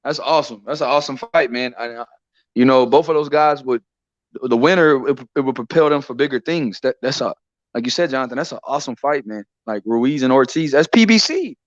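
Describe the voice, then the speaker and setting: A man hosting a casual boxing chat on a live stream, excitable and repetitive, often tacking "man" onto his sentences. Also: mid-range voice, brisk, dry recording. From Texas. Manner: excitable, repeats himself, says "man" a lot. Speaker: boxing show host. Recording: dry, dull lo-fi stream audio.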